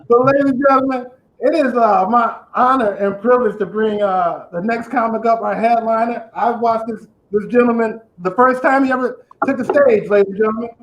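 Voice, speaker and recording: A man with a very high voice and a lisp hosts a comedy show, delivering a raunchy, profanity-laced stand-up set. He laughs at his own punchlines, and faint noise hums behind him. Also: normal speed, rough recording. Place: house in Detroit.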